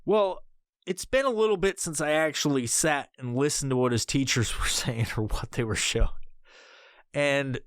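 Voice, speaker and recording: A man's voice: medium pitch, dry recording, clean studio sound. A man hosting a podcast, telling a rambling, heavily profane comedic story. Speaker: podcast host.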